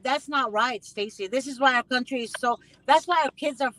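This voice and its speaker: A woman's voice: high voice, fairly quick, a bit bright, a little hiss or hum, rough recording. A woman hosting a casual conversation, talking emphatically and passionately and often repeating herself for weight. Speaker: host; mother.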